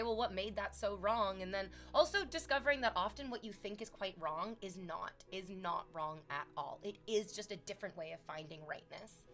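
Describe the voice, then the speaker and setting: A woman's voice: mid-range voice, a bit bright. A young adult woman streaming, chatting casually and reflectively, candid and swearing freely. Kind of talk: casual chat.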